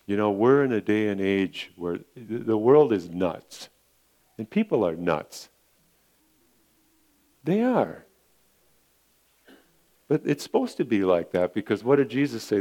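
A man's voice: on the low side, very animated, unhurried, pauses often, warm tone. A male pastor preaching a sermon in an earnest, repetitive way, often calling his listeners friends.

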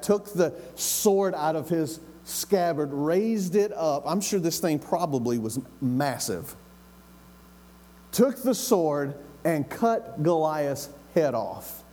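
A man, a pastor preaching a sermon as a dramatic, animated story with calls to the congregation. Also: on the high side, in a large hall.

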